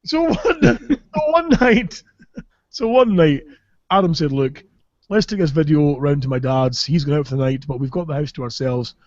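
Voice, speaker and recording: Rambling, sweary comic tales, told with laughter, come from a Scottish-accented podcast host from Caithness. His voice sits on the high side with a darkish tone and a slightly fast pace. There is no room sound, and the highs are cut off.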